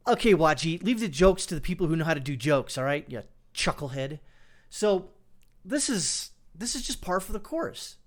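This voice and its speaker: Male commentary host, slightly high, sarcastic and scornful, loose with fillers. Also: very animated, normal speed. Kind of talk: political commentary reacting to clips and news.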